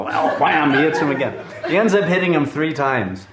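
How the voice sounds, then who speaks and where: A man giving a spiritual talk, telling a story in an animated, chuckling way with frequent restarts. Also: fairly high pitch, normal speed, echoey room, heavy background noise. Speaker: spiritual teacher.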